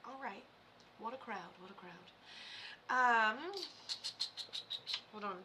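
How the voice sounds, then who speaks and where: A woman giving live psychic readings on a stream, chatty and excitable, full of fillers and sudden loud bursts. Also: fairly high pitch, slow pace, highs cut off, noisy background.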